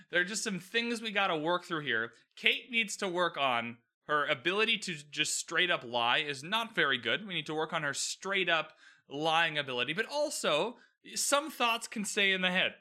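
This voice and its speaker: Bright-voiced man chatting on a podcast. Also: high-pitched. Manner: chatty, animated, lots of restarts. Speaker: podcast host. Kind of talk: casual TV episode recap.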